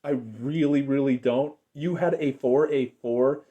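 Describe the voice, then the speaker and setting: A man's voice: medium pitch, fairly even intonation, measured pace, dark tone, highs cut off. A young man giving an unscripted cartoon episode review, rambling and enthusiastic with lots of fillers.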